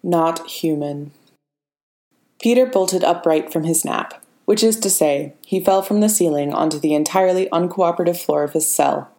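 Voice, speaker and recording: Low, mellow woman reading a story. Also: moderate pace. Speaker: narrator. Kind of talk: audiobook fiction reading.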